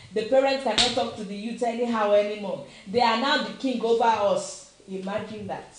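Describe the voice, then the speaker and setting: Emphatic Nigerian woman in echoey room. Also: mid-range voice. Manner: emphatic, repeats questions, slips into Yoruba phrases. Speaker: commentator. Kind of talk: impassioned opinion talk. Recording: very echoey room, faint noise.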